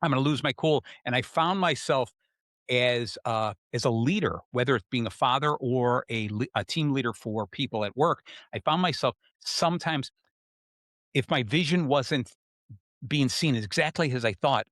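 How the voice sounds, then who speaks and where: A man's voice: mid-range voice, moderate pace, no echo, clean studio sound. A middle-aged man hosting a podcast, chatting casually and acting out little stories from home and work. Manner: animated storyteller, acts out quotes. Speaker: podcast host. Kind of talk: casual conversation.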